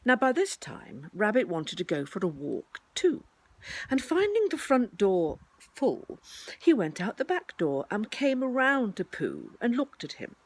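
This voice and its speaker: Slow, husky woman reading a storybook. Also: medium pitch. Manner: slow, expressive storybook narration. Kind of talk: reading a children's story aloud.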